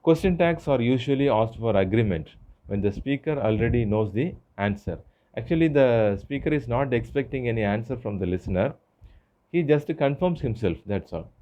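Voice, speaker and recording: A man teaching an English grammar lesson, explaining step by step with frequent pauses and fillers. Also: medium pitch, expressive, warm tone, highs cut off. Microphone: phone screen recorder.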